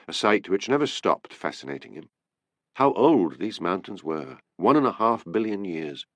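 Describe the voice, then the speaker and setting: A man narrating an audiobook in an expressive, lively reading. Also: fairly low pitch, no echo. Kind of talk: scripted narration.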